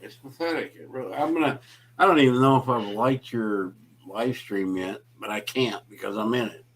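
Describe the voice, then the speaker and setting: In a casual late-night livestream chat, a male guest jokes and teases the host playfully. His voice is mid-range and his pace moderate.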